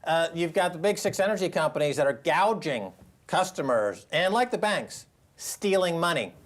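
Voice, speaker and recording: A man's voice: expressive, normal speed. A man co-hosting a talk show, giving mocking, exaggerated political commentary. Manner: mocking, exaggerated, sweeping pitch.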